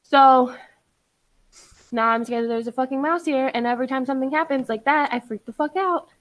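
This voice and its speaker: A young woman co-hosting a casual podcast chat, excitable and swearing at every turn. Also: sits high, fairly quick. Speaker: podcast co-host.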